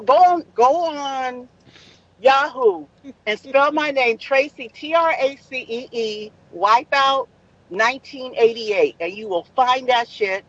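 A woman in her fifties telling a story in casual podcast chat, brash, profane and animated. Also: high-pitched, husky, lo-fi sound. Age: 50s.

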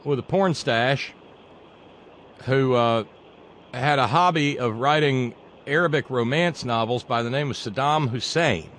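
A man hosting a casual talk show, cracking wry jokes and quick asides. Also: medium pitch, a bit bright, slight background noise. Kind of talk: casual chat.

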